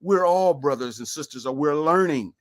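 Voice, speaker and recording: A man's voice: a little high, animated, moderate pace. Emphatic preaching man talk host. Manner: preachy, emphatic, repeats phrases. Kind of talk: talk show discussion.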